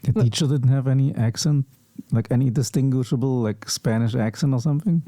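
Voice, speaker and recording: A man's voice: medium pitch, fairly quick, warm tone, no echo. A man from Germany, a podcast guest giving short, blunt remarks in casual chat.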